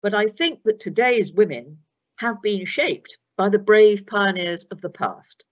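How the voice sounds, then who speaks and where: An older woman, a retired judge giving a formal lecture in a measured, precise way with dry wit. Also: medium pitch. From England. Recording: dull lo-fi recording.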